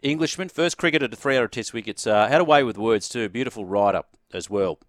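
A jovial Australian man hosts a cricket quiz on sports radio. His voice sits in a middle pitch range and comes through close and dry, with no room sound. He keeps the talk light and chatty between callers. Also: brisk, dry recording. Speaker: radio host.

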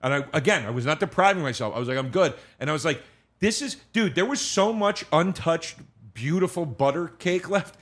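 A man's voice: a little high, lively intonation, a little fast, a bit bright. A man telling stories in a casual podcast chat, acting out dialogue and swearing freely. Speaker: guest comedian.

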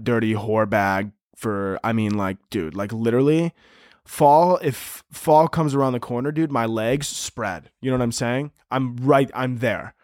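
Male comic podcaster, profane and hyperbolic, average pitch, dead-dry mic. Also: dry recording. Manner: crude, hyperbolic, deadpan-absurd ranting with frequent "dude". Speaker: podcast host. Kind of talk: comedic solo podcast rant.

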